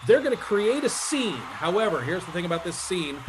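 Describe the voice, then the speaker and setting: A man's voice: sits high, big pitch swings, a little fast, noisy background. A man hosting a live online improv comedy show, explaining game rules and cueing players by name.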